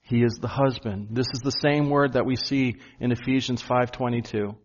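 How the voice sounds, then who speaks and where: Male pastor in the pulpit, mid-pitched, earnest, leans on key words; dull lo-fi recording. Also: steady tone. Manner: earnest preaching, slows and stresses key phrases. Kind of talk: sermon. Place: church.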